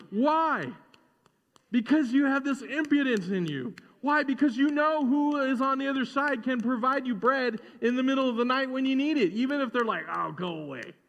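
High-voiced joking male preacher. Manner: lively and joking, gets the crowd to repeat words. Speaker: pastor. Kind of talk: sermon. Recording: dull sound in a reverberant hall.

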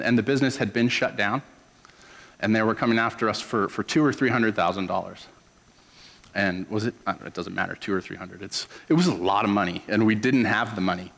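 A man's voice: on the low side, brisk, a bit bright, long reverb tail. A man preaching a sermon as a pastor, in an earnest, conversational storytelling manner.

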